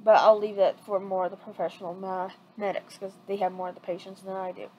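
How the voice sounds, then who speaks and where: A woman's voice: medium pitch, level tone, fast talker, warm tone, dull audio, slight background noise, lightly acted. A woman voicing a cocky, gleefully ruthless young boy ninja, speaking bluntly in a retold fan story. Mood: matter-of-fact. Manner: blunt, matter-of-fact.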